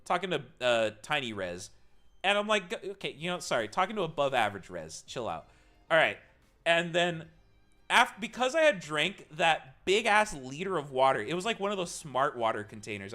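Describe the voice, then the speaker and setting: Lively, bright young man telling stories. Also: a little high. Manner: animated, laughing often, swearing. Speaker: streamer. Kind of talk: casual storytelling to a live chat.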